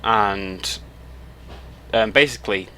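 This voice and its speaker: Speaking slowly into a headset mic, a young British man rambles to camera during a road trip, chatty and often interrupting himself. He's a YouTuber with a fairly low, sharp-toned voice, and the audio carries a slight hiss or hum.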